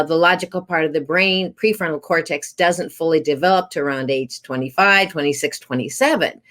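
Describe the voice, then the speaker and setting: A woman parenting coach explaining her advice in an interview, instructive and posing rhetorical questions to herself. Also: on the low side.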